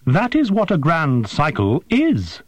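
A man voicing a small, dark, winged female alien creature who speaks in a precise, formal, matter-of-fact way. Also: high voice, big pitch swings, unhurried, no echo, dull audio, pitched above the performer's own voice. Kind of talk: audiobook character voice.

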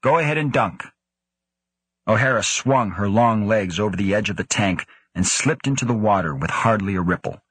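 A man with a husky voice reading a story in a steady, measured way. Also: on the low side, no echo. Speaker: audiobook narrator. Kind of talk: scripted narration.

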